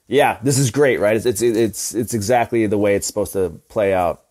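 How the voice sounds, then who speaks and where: A man's voice: on the low side, moderate pace, darkish tone. Rambling, profane young male storyteller. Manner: rambling, profane, lots of restarts and fillers. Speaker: podcast co-host, pro wrestler. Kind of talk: casual storytelling chat.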